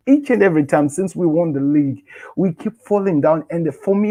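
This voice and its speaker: A young man hosts a casual football video, talking straight to his viewers. He rants with animated frustration and circles back over the same points. His voice is a little high but soft and mellow in tone. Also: brisk. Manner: animated, repetitive, frustrated ranting. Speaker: host. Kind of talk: casual football rant to camera.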